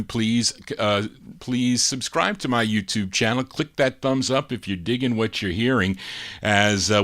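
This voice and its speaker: A man's voice: medium pitch, fairly bright tone. A man hosting a live oldies record show as disc jockey, chatting casually about records and laughing at his own slips.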